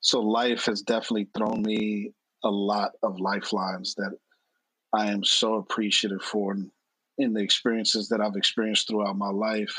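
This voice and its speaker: A man's voice: fairly low pitch, flat delivery, normal speed, pushed and bright, breathy edge, no room sound, poor audio. Earnest man in his late thirties. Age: late 30s. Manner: earnest, repeats himself, blunt with swearing. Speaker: guest. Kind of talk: candid personal storytelling.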